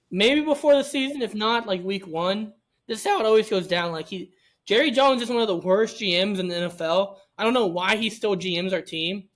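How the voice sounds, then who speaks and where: Casual male co-host with a high, light voice; wry, jokey sports banter. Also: fairly bright tone. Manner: joking, sarcastic. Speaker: podcast co-host.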